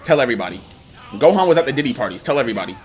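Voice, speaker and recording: A young man streaming a video game live, commentating in an excitable, rambling way and often laughing. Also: medium pitch, racing. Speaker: gaming streamer.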